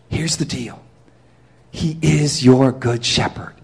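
A man's voice: mid-range voice, takes it slowly, gravelly, darkish tone, slightly rough. A pastor preaching a sermon to his congregation, driving points home with emphatic rhetorical questions.

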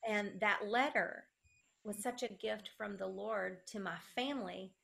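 Middle-aged woman, slow earnest testimony, gravelly fry in the voice. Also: medium pitch, a bit bright. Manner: earnest, slow, reads a letter aloud. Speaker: guest sharing her testimony. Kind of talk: emotional personal testimony.

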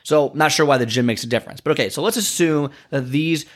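A man's voice: fairly high pitch, quick pace. Casual-talking male fitness podcaster. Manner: conversational, many fillers and restarts. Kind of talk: casual motivational monologue.

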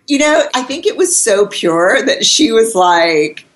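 A woman guest, a researcher and academic, telling lively anecdotes in casual conversation, quoting others and laughing often. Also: fairly high pitch, a little slow.

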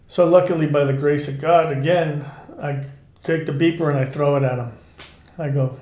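In a reverberant space, a man who once worked undercover as a cop recounts his stories casually in an interview. He's animated and profane, voicing the quotes himself. His pitch is medium and his pace measured.

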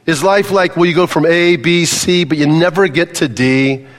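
A man's voice: on the high side, steady tone, moderate pace. An older man preaching a sermon to a congregation, conversational and full of questions to the audience. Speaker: pastor. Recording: long reverb of a large hall.

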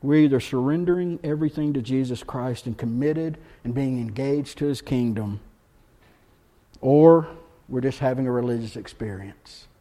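A U.S. male pastor with a medium-pitched voice preaches a sermon in a church sanctuary, shifting between quiet, earnest passages and loud, impassioned ones.

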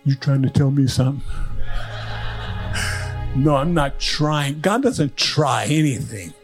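An older man preaching a sermon, telling stories and swinging from hushed asides to rising, emphatic lines. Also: medium pitch, expressive, slow, soft background music. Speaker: pastor.

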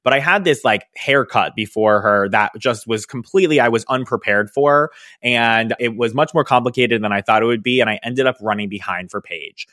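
A young man hosts his podcast and tells a travel story in a chatty, animated way, full of fillers and asides. His voice sits at an ordinary middle pitch. The close mic sounds dry, with no room echo. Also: normal speed, few pauses. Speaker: podcast host, hairstylist business educator.

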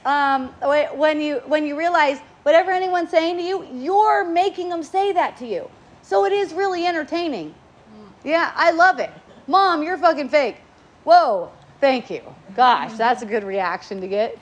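Playful high-voiced woman teacher. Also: normal speed. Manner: playful, laughs often, quotes people in lively voices. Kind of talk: casual spiritual talk.

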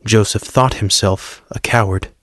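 Man, storyteller, measured earnest narration, lowish pitch, dry studio sound. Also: steady tone, a bit bright, no echo. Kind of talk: scripted narration.

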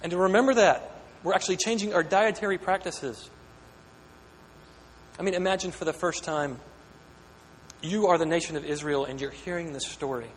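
A man's voice: on the high side, normal speed, long pauses. A pastor preaching a sermon, earnest and questioning, often repeating words as he builds a point. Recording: echoey hall with long reverb, faint hum.

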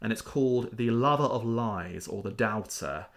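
A man's voice: lowish voice, normal speed, creaky. A man, a historian chatting casually on a podcast and acting out the quotes in his stories. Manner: animated storyteller, acts out quotes. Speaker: historian guest.

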